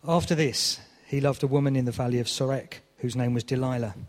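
A man's voice: medium pitch, fairly even intonation, a little fast, darkish tone, long reverb tail. A man preaching a sermon, telling a story with mock exasperation.

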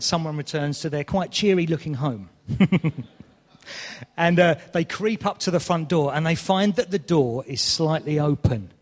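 A man's voice: a little high, long reverb tail. A man preaching a sermon, telling a story with mock exasperation.

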